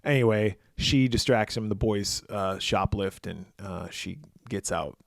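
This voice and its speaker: A man's voice: lowish voice, a little slow, creaky, no echo, studio quality. A man co-hosting a podcast, recapping a film's plot in casual, profane, joking chat. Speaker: podcast co-host. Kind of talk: casual horror film review chat.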